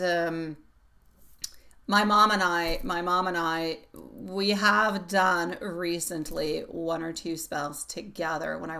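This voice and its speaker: A woman's voice: lowish voice, bright, forceful tone. A middle-aged woman giving a live-stream tarot reading, chatty and affectionate, laughing often as she greets viewers. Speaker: tarot reader.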